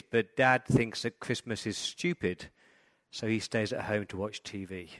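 Male pastor preaching with swelling emphasis. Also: mid-range voice. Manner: storytelling, rising to loud emphatic preaching. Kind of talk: Christmas sermon.

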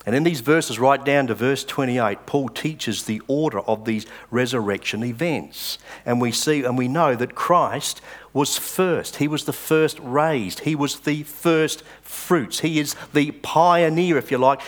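A male pastor preaching a sermon, reading scripture with dramatic pauses and stressed words. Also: mid-range voice.

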